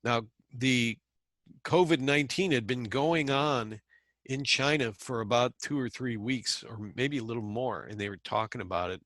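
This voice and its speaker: A man's voice: medium pitch, moderate pace, fairly bright tone, no room sound. Rambling, sarcastic middle-aged man. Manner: rambling, conversational, sarcastic asides. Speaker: channel host. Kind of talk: casual monologue commentary.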